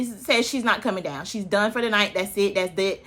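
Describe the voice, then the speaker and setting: A woman's voice: mid-range voice, fairly quick, few pauses, pushed and bright. A woman in her early thirties hosting a casual recap, chatty and opinionated, with asides to her viewers. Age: early 30s. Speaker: reality TV recap host.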